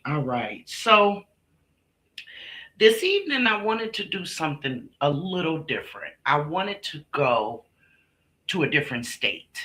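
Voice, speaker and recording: Man, stream host, slow chatty delivery, very bright forceful tone. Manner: chatty, warm greetings to viewers, laughs often; slow, drawn-out delivery with big pitch swings. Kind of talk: casual live stream chat.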